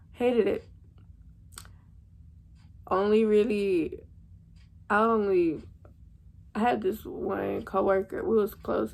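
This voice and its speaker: A woman's voice: medium pitch, creaky, a little mellow. A young woman, telling a storytime vlog to her viewers in a slangy, chatty way. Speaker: vlogger.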